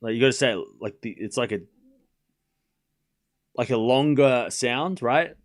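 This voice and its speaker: A man's voice: mid-range voice, unhurried. A man with an accent hosting a live tennis watchalong stream, calling points play by play in short bursts and replying to chat. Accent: non-native English accent. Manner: calls points in short bursts, swings up excitedly on big points. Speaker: livestream tennis watchalong host. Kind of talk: live play-by-play scoring commentary mixed with chat replies.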